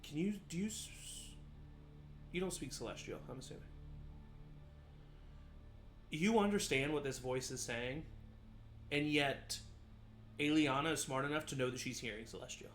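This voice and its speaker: A man narrating a tabletop role-playing game as game master, describing scenes in a slow, measured, atmospheric way. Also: fairly high pitch, fairly bright tone, reverberant, soft background music. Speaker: dungeon master.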